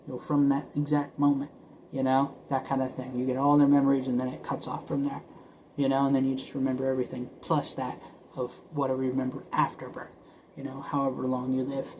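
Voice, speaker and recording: Man, casual vlogger, rambling and stuttering, mid pitch, slight background hiss. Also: completely flat delivery, brisk, a little mellow, low-quality recording. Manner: rambling, repeats words, stutters; drops to whispers at times.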